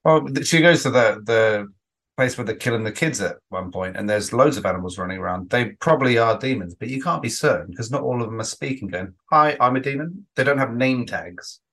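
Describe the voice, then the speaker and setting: A man's voice: mid-range voice, brisk, fairly bright tone. A man co-hosting a casual podcast chat, rambling with frequent restarts and some swearing. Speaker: podcast co-host.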